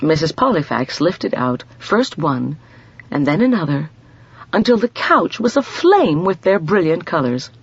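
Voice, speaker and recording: Woman, audiobook narration, husky, lively intonation, dry. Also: low-pitched, measured pace, no room sound, highs cut off.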